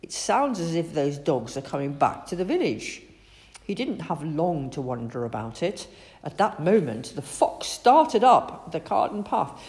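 A woman reading a children's story aloud in an expressive, animated way. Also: lowish voice.

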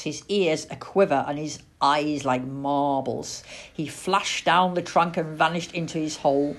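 A woman reading a children's storybook aloud, expressive, with little asides. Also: sits low, gravelly, breathy edge. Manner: expressive and warm-paced, with asides.

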